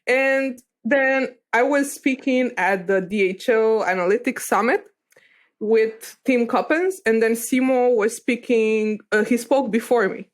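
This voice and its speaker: A woman's voice: on the high side, unhurried. Candid, loose-talking woman guest. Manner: candid, loose, swears casually. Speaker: podcast guest. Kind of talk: casual podcast chat.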